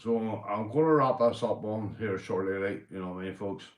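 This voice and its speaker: Tipsy Northern Irish man host, low voice, sweary rambling chat to viewers. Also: moderate pace, roomy sound. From Northern Ireland. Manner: rambling, sweary, laughs often. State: tipsy after a few beers. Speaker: livestream host. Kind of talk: casual livestream chat.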